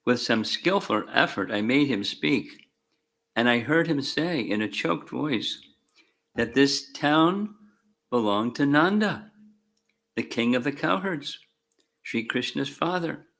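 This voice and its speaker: This spiritual teacher, in a temple classroom, reads scripture and comments on it slowly and measuredly, stressing key words fervently. His voice is medium-pitched and a bit bright, with lively intonation and vocal fry.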